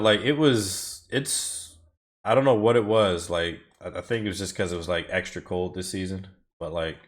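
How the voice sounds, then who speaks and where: A man's voice: low-pitched, fairly bright tone. A man live-streaming racing time trials from home, chatting casually with his viewers, rambling and swearing often as he drives. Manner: rambling, swears often, talks back to chat. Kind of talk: casual live-stream chat while driving.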